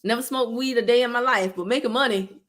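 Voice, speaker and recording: A candid woman in her thirties hosts a casual livestream and chats straight to her viewers. Her voice sits a little high, and she laughs easily as she talks. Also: fast. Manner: candid, animated, laughs often. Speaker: online business coach and livestream host. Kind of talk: casual livestream chat reading viewer comments.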